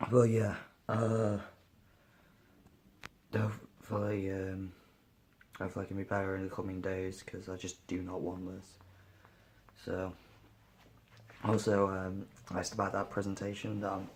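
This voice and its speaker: A young man with a cold, sniffly and a bit hoarse, talking tiredly through a casual daily vlog with lots of fillers. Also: deep voice, a little mellow, slight background noise. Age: young adult. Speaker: vlogger.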